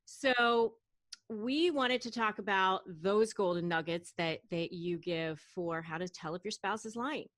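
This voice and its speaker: A woman's voice: mid-range voice, a little slow, fairly bright tone, dry recording. A woman host asking her guest questions in an interview, hesitant with fillers and restarts.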